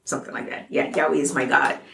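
A woman's voice: a bass voice, level tone, quick pace, vocal fry, fairly bright tone, slight background noise. A woman co-hosting a faith podcast, chatting casually and laughing as she explains a Bible story. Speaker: podcast co-host. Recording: echoey room.

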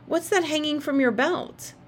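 A woman's voice: high-pitched, normal speed, slight background noise, pitched above the performer's own voice, natural voice. A woman reading aloud and voicing a bossy young girl who bickers with her little brother in an exasperated, scolding way.

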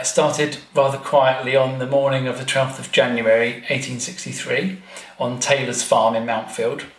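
A man guesting on a podcast, telling a family-history story in a chatty way, with frequent ums and wry asides. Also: mid-range voice. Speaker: guest author. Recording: roomy echo.

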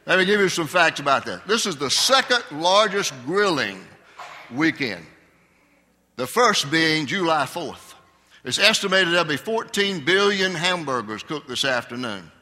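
A man's voice: a little high, very animated, unhurried, sharp tone. An older man preaching a conversational Sunday sermon, asking his congregation questions. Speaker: pastor. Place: church sanctuary. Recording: long hall reverb.

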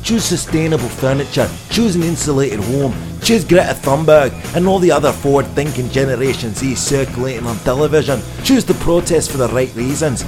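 This is a man putting on a gruff Scottish voice, hammering out a list of slogans like a film monologue. It is declamatory and repetitive, with quiet music underneath. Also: medium pitch, expressive, fairly quick, few pauses, close to an everyday voice. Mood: ranting. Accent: Scottish, put on. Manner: declamatory, punchy repeated slogans.

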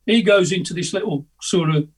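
An older man spins rambling, chatty anecdotes over a video call. his voice sits a touch high and comes out husky and slightly distant from the mic. he hesitates a lot and laughs along at his own stories. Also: a little fast. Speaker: guest musician. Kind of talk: casual anecdotal storytelling.

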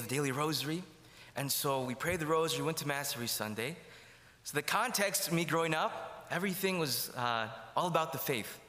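A man's voice: a little high, bright, forceful tone. A man giving a sermon testimony in a church, telling his story and acting out the dialogue. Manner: storytelling, acts out quoted dialogue. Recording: long hall reverb.

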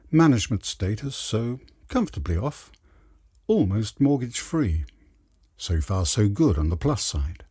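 An audiobook reader delivers scripted narration as an expressive, husky male storyteller. His pitch is fairly low, recorded at studio quality with no room sound.

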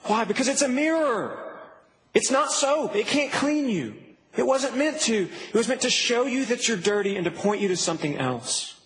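High-voiced man preaching in a reverberant hall. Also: expressive, moderate pace, fairly bright tone. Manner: earnest preaching, rising to emphatic peaks. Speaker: pastor. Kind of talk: sermon. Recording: reverberant hall with faint noise.

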